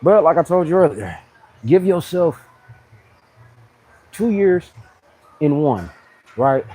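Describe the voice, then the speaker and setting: A man in his thirties hosting a casual live fitness chat, blunt and animated, full of slang, often mimicking other people in a higher voice. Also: slow, no room sound, poor audio. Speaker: fitness channel host.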